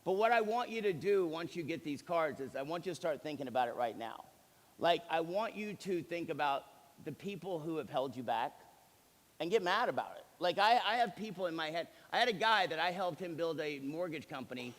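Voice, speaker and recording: A man's voice: fairly high pitch, brisk. A man in his forties, a company executive, giving a motivational seminar talk and acting out the dialogue in his stories. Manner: animated storyteller who acts out quoted dialogue. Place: large hall with live audience. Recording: reverberant hall sound.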